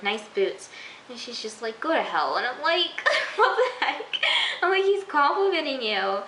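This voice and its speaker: A woman's voice: on the high side, bright, forceful tone. A young woman recapping a TV episode in a chatty, giggly way, full of "like" and "you know". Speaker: TV episode reviewer. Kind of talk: casual recap vlog. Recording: echoey room with faint hiss.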